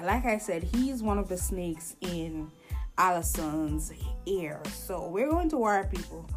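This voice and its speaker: A woman hosting a show. She chats casually with strong opinions and often restarts her sentences. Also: medium pitch. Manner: chatty and opinionated, frequent restarts. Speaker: podcast host reviewing shows. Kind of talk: casual chat.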